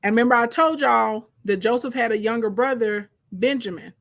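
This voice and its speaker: A woman retelling a Bible story as a casual lesson in a lively, conversational way, often checking in with her listeners. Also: a little high, fairly quick, vocal fry. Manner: lively, conversational, frequent "okay?" check-ins. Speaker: Bible teacher.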